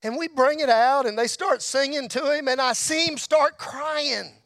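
A middle-aged man telling a testimony story in a church, folksy, dropping to a hush and rising to shouts. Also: very high voice, moderate pace, dry recording, studio quality. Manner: folksy storyteller, drops to a hush at tender moments, rises to shouts. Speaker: motorcycle ministry speaker. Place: church hall.

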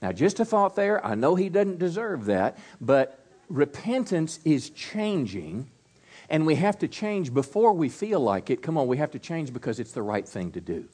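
A man's voice: a little high, big pitch swings, brisk, hardly any pauses, darkish tone. A middle-aged male pastor preaching a sermon, with a folksy, conversational delivery, asking the congregation to repeat words and joking with them. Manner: call-and-response preaching, folksy asides to the congregation.

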